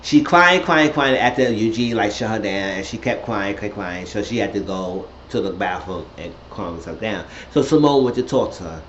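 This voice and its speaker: Animated man recapping in a roomy room. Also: fairly low pitch, normal speed, hardly any pauses. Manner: animated, profane, swings into shrieky quoted voices. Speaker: reality TV recap host. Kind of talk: casual recap chat. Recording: roomy, dull lo-fi audio with faint hiss.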